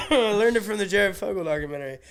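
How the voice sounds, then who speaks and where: A man co-hosting a casual podcast, hoarse and losing his voice, telling a profane story and acting out the people in it. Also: sits high, animated, fast talker, fairly bright tone. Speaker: podcast co-host.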